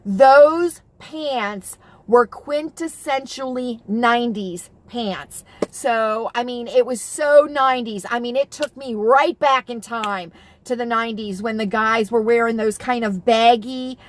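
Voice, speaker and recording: A woman's voice: a little high, takes it slowly, slight background noise. A middle-aged woman vlogging in a casual, rambling chat, full of fillers and restarts and gushing with emotion. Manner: gushing and emotional about TV shows.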